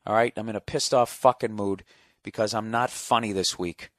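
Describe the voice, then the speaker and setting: A man's voice: lowish voice, fairly even intonation, moderate pace, fairly bright tone. A man hosting a podcast, talking in a casual comedic rant full of profanity and exasperation. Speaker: podcast host.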